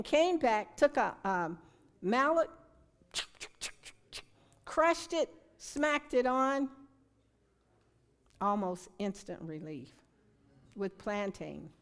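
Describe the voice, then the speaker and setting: An older woman giving an informal church talk on home remedies, telling animated stories with emphatic repeats. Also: fairly high pitch. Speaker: health presenter at church. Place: church hall.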